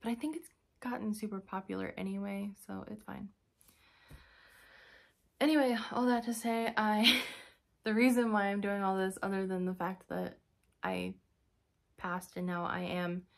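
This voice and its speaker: A woman's voice: mid-range voice, fairly even intonation, a little slow, vocal fry, long pauses. A young woman giving a casual vlog update, telling a story in a chatty, exasperated way with sighs and fillers. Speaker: vlogger.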